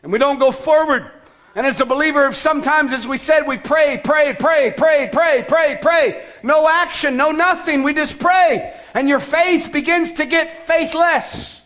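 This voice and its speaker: A man preaching a sermon as pastor, emphatic, with shouted calls to action and sudden soft, low passages. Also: moderate pace.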